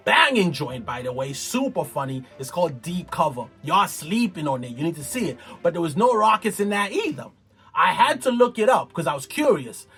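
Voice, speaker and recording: A man with a high, swooping voice talks through a reality show's events in loose, slangy commentary. He is animated and chatty, and faint music plays behind him. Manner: animated, slangy, acts out others. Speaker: TV recap vlogger. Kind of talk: casual commentary.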